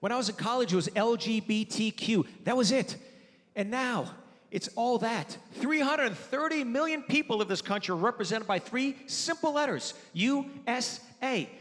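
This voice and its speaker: Animated man doing stand-up in a hall. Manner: loud animated storytelling with sudden high-pitched yelps. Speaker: stand-up comedian. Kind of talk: stand-up comedy set. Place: theater stage before a live audience.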